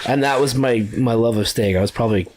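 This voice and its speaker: A man, chatting casually as a podcast guest, telling lively stories, swearing freely and laughing often. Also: medium pitch, fast, slight background noise. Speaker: podcast guest, sound engineer. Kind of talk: casual chat.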